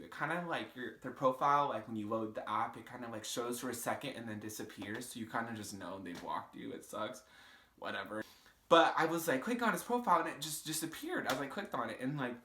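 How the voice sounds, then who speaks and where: A young man in his twenties tells a story to camera in a loose, casual way, full of "like" and curse words. His voice is bright and forward, and it echoes off the walls of a bare room. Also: medium pitch. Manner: casual, swearing, lots of "like" fillers. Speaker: vlogger. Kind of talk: storytime vlog.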